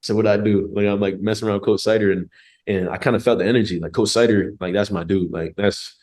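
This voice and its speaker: A young man with a deep, low voice tells a story as a podcast guest. He talks quickly and loosely, full of slang, jokes and swearing. His delivery stays casual and laid-back. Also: steady tone, darkish tone. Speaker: podcast guest, former college football player.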